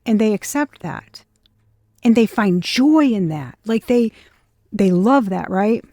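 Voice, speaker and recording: A woman's voice: mid-range voice, animated, takes it slowly, warm tone, no echo. Blunt, swearing woman reading tarot. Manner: blunt, swears freely, scornful asides. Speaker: tarot reader. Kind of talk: casual tarot reading to camera.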